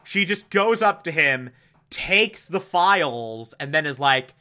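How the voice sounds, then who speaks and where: A man with a high, bright voice recaps a TV episode in a casual, exclamatory way. He speaks at a slow, unhurried pace, even when he gets worked up. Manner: animated and exclamatory. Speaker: show recapper.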